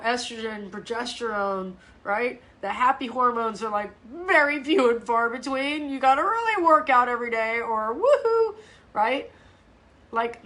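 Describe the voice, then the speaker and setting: A middle-aged woman, a fitness coach, chatting casually on a live stream in a blunt, profane and animated way, with lots of restarts. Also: fairly high pitch.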